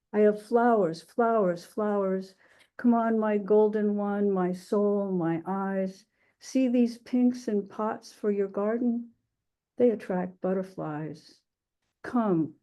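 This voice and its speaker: A woman poet reading her own poem aloud at a poetry reading, halting in the introduction and lilting in the recitation. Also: medium pitch, mellow.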